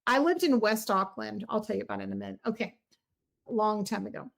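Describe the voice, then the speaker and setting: A woman's voice: medium pitch, fast talker, creaky. A middle-aged woman giving a casual tarot reading on a livestream, chatty and effusive, speaking straight to her viewers. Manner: chatty, warm, effusive, talks to viewers directly.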